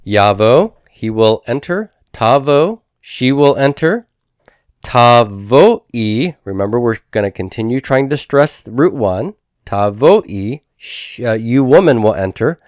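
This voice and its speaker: A man's voice: medium pitch, expressive, normal speed, few pauses, darkish tone, dry recording, studio quality. A man teaching a grammar lesson, patiently explaining and repeating each form. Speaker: Biblical Hebrew teacher. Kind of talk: recorded grammar lecture.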